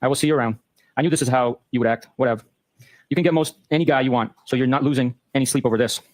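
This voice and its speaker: Brisk man reading texts aloud. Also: medium pitch, a little mellow, dry recording. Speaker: host. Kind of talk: reading text messages aloud.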